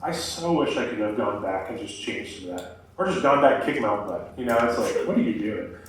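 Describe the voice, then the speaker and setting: A man's voice: lowish voice, animated, brisk, a little hiss or hum. A young man giving a casual campus sermon, talking in a loose way with lots of "like" and "um". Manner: conversational, many fillers like "like" and "um". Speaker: campus ministry speaker. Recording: echoey room from a distance.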